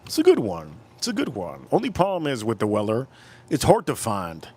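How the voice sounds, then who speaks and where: A man in his forties hosting a casual livestream outdoors, telling animated stories and calling out viewers by name. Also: medium pitch, fairly quick, husky. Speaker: livestream host.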